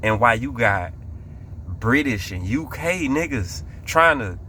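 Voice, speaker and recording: An American man commenting on a clip for his reaction video, firing off rhetorical questions. His voice sits at a middle pitch with a bright, forceful tone, and his speech is loose and full of slang. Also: animated, slow pace, a little hiss or hum. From United States. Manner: poses rhetorical questions, talks in casual slang.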